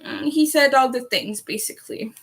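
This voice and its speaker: A woman's voice: high voice, normal speed. A young woman chatting candidly on a livestream, heated at times and swearing freely. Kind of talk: casual livestream chat.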